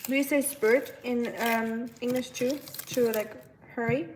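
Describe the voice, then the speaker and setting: A woman hosting a casual live cooking stream, chatting with viewers in a relaxed way. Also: on the high side, unhurried, slight background noise. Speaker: livestream cooking host.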